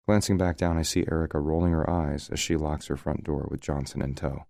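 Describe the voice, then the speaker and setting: A man's voice: rumbling low, fairly even intonation, a little fast, gravelly, few pauses, mellow, no echo. A man narrating a first-person romance audiobook in a wry, conversational way, recorded close to the mic.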